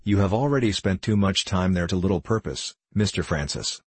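A stern, proud old merchant father with a very low, husky voice, as a male reader puts him on. He speaks curtly, in a commanding tone. The recording is dry and close, from a storybook reading. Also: brisk, no echo. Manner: curt and commanding.

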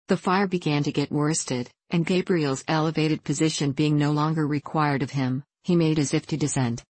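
A woman narrating a classic novel in a measured reading voice, voicing each character with small shifts. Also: deep voice, fairly even intonation, a little mellow, no room sound. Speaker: audiobook narrator.

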